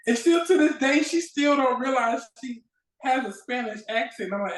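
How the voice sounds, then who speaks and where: Lively storytelling woman in an echoey room. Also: sits high, normal speed. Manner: lively storyteller acting out quoted exchanges. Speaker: guest actress. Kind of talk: casual interview chat. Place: at home near a railway line.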